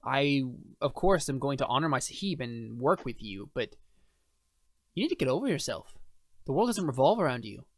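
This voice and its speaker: A man's voice: medium pitch, sing-song, normal speed, dry recording. Man doing stern scolding noblewoman, tabletop game, dry close sound. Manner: scolding, lecturing. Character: stern proud woman noble, annoyed.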